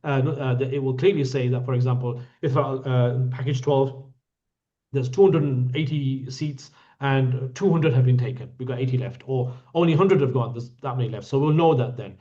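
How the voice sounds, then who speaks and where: At a normal pace and medium pitch, a warm-toned man guides a hajj group in an online Q&A. He speaks bluntly with teasing humor and a bit of scolding, and the recording sounds dull and lo-fi.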